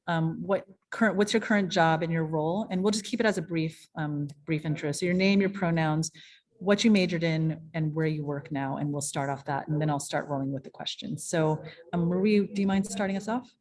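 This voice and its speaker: A woman's voice: deep voice, brisk, darkish tone. A woman moderating an online panel over a video call, chatty with many ums and restarts.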